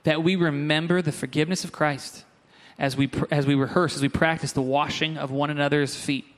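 A man's voice: fairly high pitch, fairly even intonation, brisk, a bit bright. A young adult man preaching a sermon in a church, moving from earnest teaching to joking asides with the congregation. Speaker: pastor. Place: church sanctuary.

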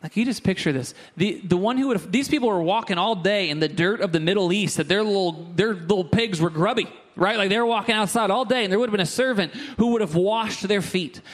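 This young adult pastor's voice sits high, and he talks fast with hardly any pauses. Preaching in a church sanctuary, he moves from earnest teaching to joking asides with the congregation.

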